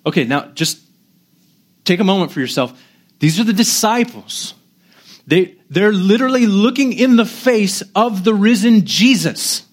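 A man preaching a sermon in a conversational, animated way, poking fun at himself and often restarting sentences. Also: a little high, moderate pace. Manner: conversational, animated, self-deprecating, with frequent restarts. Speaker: pastor.

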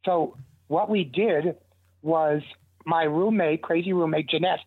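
Speaking a little slowly in a highish voice with a breathy edge, an older man recounts long, rambling stories as an interview guest. He restarts along the way, his tone animated and casual, over a dry, tinny phone line.

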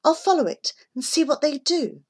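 A woman's voice: high-pitched, big pitch swings, normal speed, vocal fry, pitched above the performer's own voice, heavily acted. A woman voicing a bold, cheerful girl who speaks confidently. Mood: eager. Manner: bright, confident.

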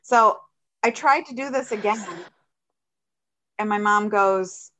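Woman, podcast co-host, chatty storyteller, casual, mid-pitched voice. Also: slow, fairly bright tone, a little hiss or hum. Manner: chatty, rambling storyteller with fillers.

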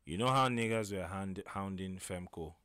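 A man's voice: deep voice, normal speed, smooth, no room sound. A young man, co-hosting a podcast, telling stories expressively and swearing. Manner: expressive storyteller, laughs often, swears. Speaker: podcast co-host. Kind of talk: casual chat.

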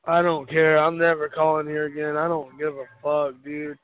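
A drunk man calling in, whining and cursing loudly about being wronged. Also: a little high, monotone, moderate pace, smooth, no echo. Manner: slurred, self-pitying, cursing and shouting. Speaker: caller. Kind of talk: angry phone rant. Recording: tinny phone line.

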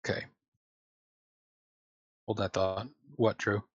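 A man's voice: fairly low pitch, level tone, takes it slowly, husky, dry recording, dull audio. A man running a tabletop game as game master, hesitant with many restarts.

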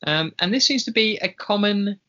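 Bright-voiced chatty podcast man. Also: sits high, animated, moderate pace. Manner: chatty and hesitant, with many ums and frequent laughs. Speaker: podcast co-host. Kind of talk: casual chat. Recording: slightly dull lo-fi sound.

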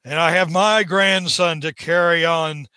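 A man hosts a comics podcast, his voice bright and slightly high, recorded dry and close. He gushes over the story and relishes acting out the villain's lines. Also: steady tone, unhurried, smooth, no echo. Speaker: podcast host reviewing comics. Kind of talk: enthusiastic casual comic review chat.

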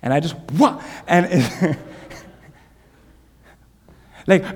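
A man preaching a sermon to a church, dynamic, swinging from hushed asides to shouted passages. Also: high voice, big pitch swings, slow, pauses often. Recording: long hall reverb.

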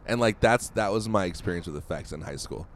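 A man's voice: deep voice, lively intonation, brisk. A man cohosting a podcast, rambling casually and laughing easily. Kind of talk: casual chat.

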